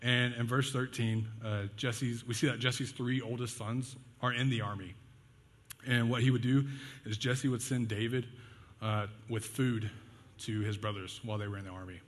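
At a medium pitch and moderate pace, with fairly even intonation, a young man preaches an informal sermon. He tells stories in a jokey, self-deprecating way, sprinkled with fillers and laughs. The sound carries long hall reverb and faint music.

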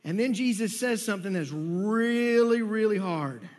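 A man preaching a sermon as a pastor, conversational, with frequent repeated words and slow, emphatic phrases. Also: sits high, lively intonation, a little mellow. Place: church sanctuary. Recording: long reverb of a church hall.

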